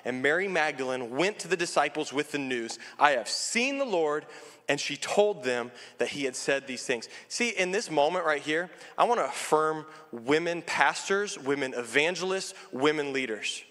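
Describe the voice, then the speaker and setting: A man's voice: fairly high pitch, animated, moderate pace, fairly bright tone. A male pastor preaching a sermon, pleading and building with passion. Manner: impassioned, rising to a plea. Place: church sanctuary. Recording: church hall with long reverb.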